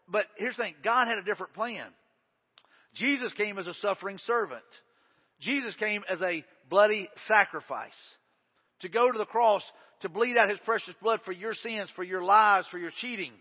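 A middle-aged pastor preaching a folksy, conversational sermon and acting out quoted voices. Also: male voice, sits high, brisk, slightly rough. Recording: dull, echoey hall sound.

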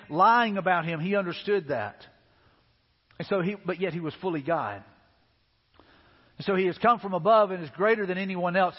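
A man's voice: sits high, husky, long reverb tail, lo-fi sound. A man preaching a sermon as a pastor, talking to the congregation in a loose, conversational way with repeated asides. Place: church sanctuary.

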